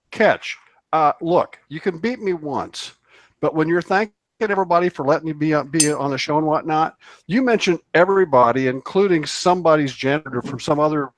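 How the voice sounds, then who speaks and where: A man's voice: fairly high pitch, normal speed, a little hiss or hum. A man co-hosting a radio show, telling a long story in a casual, rambling way, full of fillers and restarts. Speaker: co-host. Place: radio studio.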